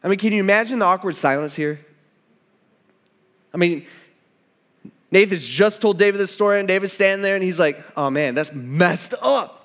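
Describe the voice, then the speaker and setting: With a high, fairly bright voice, a man preaches briskly but pauses often. His sermon is casual and conversational, built around a retold story whose dialogue he acts out, with many restarts.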